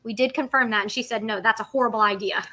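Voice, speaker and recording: Bright chatty woman hosting a livestream. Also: on the high side. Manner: chatty, laughs often. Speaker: livestream host. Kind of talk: casual live chat.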